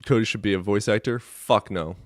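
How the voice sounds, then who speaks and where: A man's voice: lowish voice, fairly quick, no echo, clean studio sound. A man hosting a debate live stream, talking in a casual, sarcastic and profane way.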